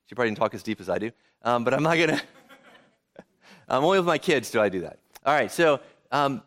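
A man's voice: medium pitch, lively intonation, fairly quick, a bit bright. A man preaching a sermon as a pastor, speaking conversationally and often checking in with rhetorical questions.

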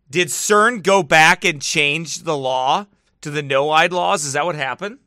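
A man's voice: on the high side, a little slow, sharp tone, no echo, clean studio sound. A man giving casual commentary to camera, mocking and often laughing between remarks, turning preachy when he gets serious. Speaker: online video commentator.

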